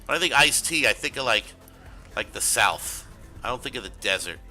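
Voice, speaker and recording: A man's voice: medium pitch, lively intonation, moderate pace, bright, forceful tone, soft background music. A man chatting casually while streaming a game, rambling and sarcastic with plenty of swearing. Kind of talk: casual gaming stream commentary.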